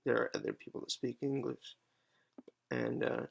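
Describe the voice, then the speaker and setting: A man in his twenties giving a halting, hesitant, unscripted monologue with many pauses and fillers. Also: medium pitch, sing-song, gravelly, breathy edge, dull audio. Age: 20s. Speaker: patient advocate vlogger. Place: alone at home.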